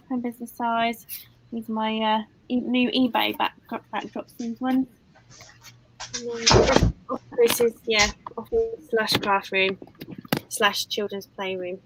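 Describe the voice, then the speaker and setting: A woman's voice: fairly high pitch, a little hiss or hum, poor audio. A woman guest on a live-stream creator panel, talking in a chatty, friendly way. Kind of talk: casual live-stream chat.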